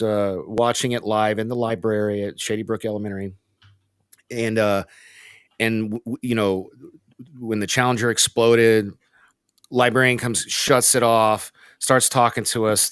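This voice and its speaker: A man in his forties co-hosting a casual movie-review chat, telling stories in a rambling, animated way. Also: on the low side, smooth, dry recording, clean studio sound. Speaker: podcast co-host.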